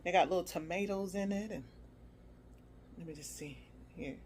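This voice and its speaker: Woman, food vlogger, casual review, playful and chatty, hums while tasting, slightly low voice, faint background noise. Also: normal speed.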